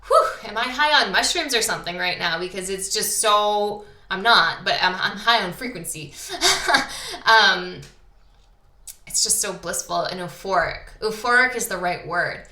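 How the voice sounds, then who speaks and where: Bright, chatty Canadian woman podcaster. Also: medium pitch, normal speed, reverberant. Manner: enthusiastic, chatty, uses many fillers. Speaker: podcast host. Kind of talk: casual spiritual monologue.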